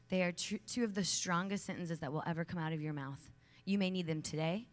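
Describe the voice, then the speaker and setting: A woman in her thirties speaks from a large conference stage to a room of young women. Her voice sits slightly low. She is earnest and emphatic, and when she tells stories she turns casual and chatty, full of "like" and quick asides. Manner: chatty storytelling with many fillers. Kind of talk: motivational talk to young women.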